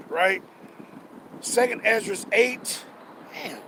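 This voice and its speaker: Fervent high-voiced man preaching on a street. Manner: fervent, profane, repeats himself, reads verses slowly. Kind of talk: street sermon with scripture reading. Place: outdoors on a city street. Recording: loud street noise behind.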